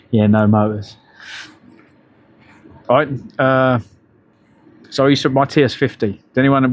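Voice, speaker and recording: Middle-aged male streamer, mid-pitched, sweary, rambling anecdotes, outdoors on a bike ride. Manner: profane, rambling storyteller. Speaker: livestreamer. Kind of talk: casual live-stream chat.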